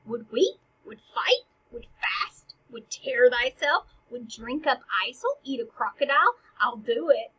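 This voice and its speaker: A woman voicing a grieving, boastful young prince in a husky voice, mixing old verse with slangy paraphrase, on a dull lo-fi recording. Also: a little high, big pitch swings, a little slow, few pauses, a bit bright, full character voice. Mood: ranting.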